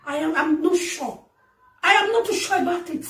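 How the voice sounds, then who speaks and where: A woman with a Nigerian accent delivering a loud, laughing, shouting rant as a talk show host. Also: very high voice, moderate pace. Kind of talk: ranting monologue. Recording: echoey, far from the mic.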